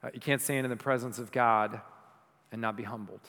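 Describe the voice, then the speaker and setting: A male pastor preaching a sermon, moving between loud emphatic passages and soft, hushed ones. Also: medium pitch, steady tone, fairly quick, in a large hall. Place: church.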